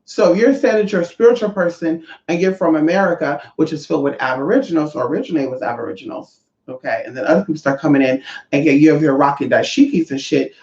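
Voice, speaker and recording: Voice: medium pitch, quick pace, darkish tone. Spiritual teacher for a vlog: brash, profane and sassy, recorded in an echoey room with slightly dull sound. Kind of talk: casual vlog monologue.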